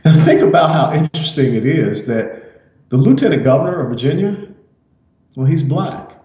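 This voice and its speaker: A man delivers political opinion commentary in a measured, emphatic way, leaning on key words. His voice is mellow and warm. The recording sounds roomy and a little muffled. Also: on the high side, animated.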